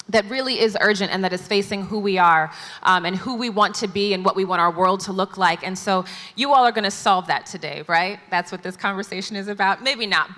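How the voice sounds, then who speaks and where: Bright-voiced woman moderating a panel. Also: medium pitch. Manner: chatty, playful with guests. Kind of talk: live panel introductions. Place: large conference hall stage. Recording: long hall reverb.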